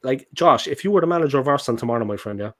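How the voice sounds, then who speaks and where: Irish guy rambling about football, jokey casual chat, middle pitch. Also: expressive, very fast, fairly bright tone. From Ireland. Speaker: guest.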